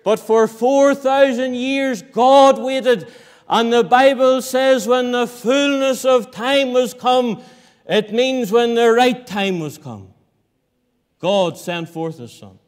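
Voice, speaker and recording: A man preaching a sermon in a church hall, impassioned, swinging from loud cries to hushed low lines. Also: slow pace. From Northern Ireland.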